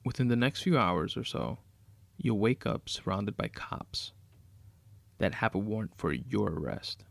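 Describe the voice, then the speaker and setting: A man's voice: on the low side, dry recording. A man voicing a vengeful, sarcastic woman, a murderous former nurse who taunts her captive. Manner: sneering, taunting, menacing.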